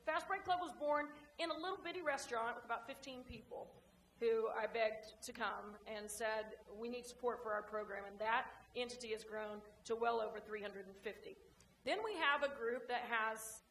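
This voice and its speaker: Brief: woman guest speaker, high-ish voice, folksy storyteller, reverberant banquet room with a faint hum. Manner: folksy storyteller, lively and warm with the crowd. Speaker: guest speaker, women's basketball coach. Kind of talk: after-lunch club speech with jokes.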